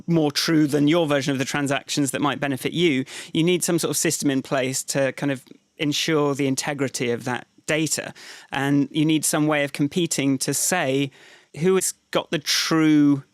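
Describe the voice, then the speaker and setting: A man's voice: fairly high pitch, no room sound, clean studio sound. A man co-hosting a casual podcast chat, explaining things patiently and hedging with "kind of". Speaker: podcast co-host.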